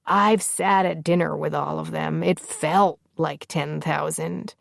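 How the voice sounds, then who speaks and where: A woman narrator voicing a panicked, tearful young warrior woman, pitched up and pleading in an audiobook. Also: steady tone, slow pace, gravelly, dry recording, studio quality, full character voice. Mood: teary, wry. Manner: distraught, sobbing, self-blaming.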